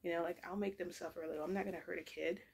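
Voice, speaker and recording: A woman with a lowish, steady voice races through a long, rambling story, her speech marked by vocal fry and a breathy edge. She's chatty, full of fillers, asides and self-corrections.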